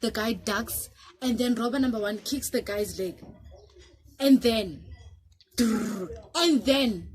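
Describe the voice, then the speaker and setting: A South African woman vlogger casually telling a story to camera, animated and switching between English and local languages. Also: a little high, slow pace, long pauses.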